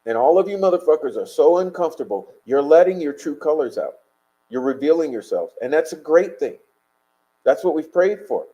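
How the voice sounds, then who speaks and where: Man, livestream host, casual chat, rambling, profane, mellow warm voice. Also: on the high side, lively intonation, fairly quick, dull audio. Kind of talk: casual livestream chat, reading viewer comments.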